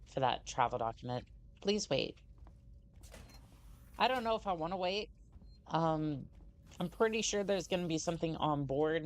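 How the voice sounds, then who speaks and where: A woman streaming a game, chatting casually with self-corrections and slow read-outs of on-screen text. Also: rumbling low, darkish tone, a little hiss or hum. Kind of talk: casual gameplay commentary.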